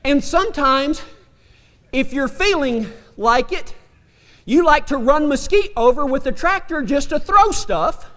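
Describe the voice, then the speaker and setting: A man preaches in a high, light voice, spinning a folksy yarn with a country drawl. His words ring out with a long reverb, like a big church hall. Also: expressive, a little slow, fairly bright tone. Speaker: pastor. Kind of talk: sermon with humorous storytelling.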